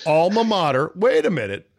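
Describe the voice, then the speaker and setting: A man hosting a sports talk show, casual and profane, riffing quickly with his co-host. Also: sits high, huge pitch swings. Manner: brash, profane, rapid riffing.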